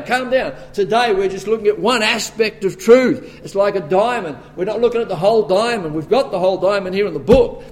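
High-voiced Australian man preaching emphatically. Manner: emphatic, rising to forceful bursts. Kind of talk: sermon.

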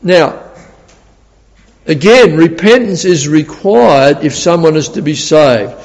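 A man's voice: a little high, lively intonation, slow pace, darkish tone, in a large hall, dull audio. A man preaching a sermon in a chatty, storytelling way, laughing often and repeating words as he goes.

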